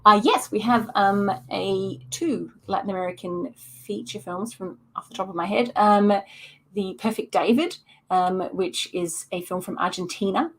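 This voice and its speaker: A woman's voice: mid-range voice, moderate pace, a bit bright, slight background noise. A woman, a festival director hosting a live-streamed preview and answering chat questions off the cuff, hesitant with many ums.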